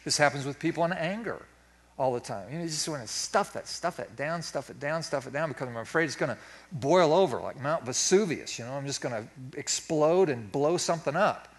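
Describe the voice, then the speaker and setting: Folksy, higher-pitched man preaching a sermon. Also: expressive, a little fast. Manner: folksy, self-deprecating, acts out his own inner voice. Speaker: pastor.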